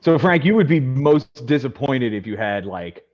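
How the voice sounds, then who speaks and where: A man's voice: mid-range voice, animated, normal speed, a little mellow, lo-fi sound. A man hosting a podcast, chatting casually and announcing picks with rising emphasis. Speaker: podcast host running a fantasy baseball draft. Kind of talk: casual chat.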